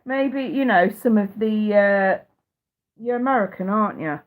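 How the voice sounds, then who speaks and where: This woman from the United Kingdom, in her thirties, gives psychic readings on a live stream in a casual, blunt, sweary way, laughing often. She speaks at a medium pitch, expressively and unhurriedly, over tinny phone-like audio.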